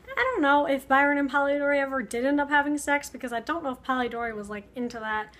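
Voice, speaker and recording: A woman's voice: high voice, fast talker, few pauses, fairly bright tone. A young woman vlogging, telling a story in a rambling, sarcastic way full of fillers, talking to the camera. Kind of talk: casual storytelling vlog.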